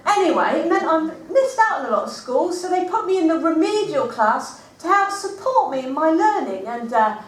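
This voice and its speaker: An actress plays a scatterbrained woman who pokes fun at herself, rambling chattily through a comic stage monologue. Her high voice jumps all over the place, picked up from a distance in a spacious hall with slight background noise.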